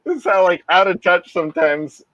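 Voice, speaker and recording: A man's voice: high voice, lively intonation, a little fast, fairly bright tone, no room sound, dull audio. A middle-aged man co-hosting a podcast, telling rambling, laughing anecdotes in casual chat. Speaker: podcast co-host.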